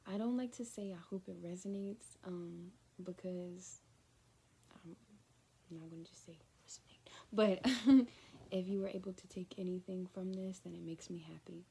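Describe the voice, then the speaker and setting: Woman, spiritual card reader, casual and meandering, soft mellow voice with a faint hiss behind. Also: lowish voice, normal speed, creaky. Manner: rambling and conversational, often dropping to a near-whisper. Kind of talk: casual spoken reading to viewers.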